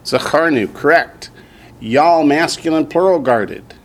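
A man with a Southern US accent teaching a language class in a classroom, drilling students slowly and patiently. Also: on the high side. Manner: slow, patient drilling with repetition. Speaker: Hebrew teacher.

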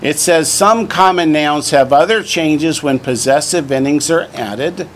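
A man's voice: on the high side, slight background noise. A man teaching a Hebrew class, drilling word forms for the students to repeat and slipping in jokes. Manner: slow, drawn-out drilling of words for repetition; joking asides. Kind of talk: classroom lesson.

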